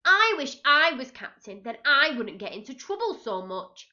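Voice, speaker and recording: A woman's voice: sits high, sing-song, moderate pace, sharp tone, pitched above the performer's own voice, exaggerated voice. A woman voicing a young male pirate who grumbles and complains in a whiny voice, on a dull lo-fi recording. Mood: grumbling.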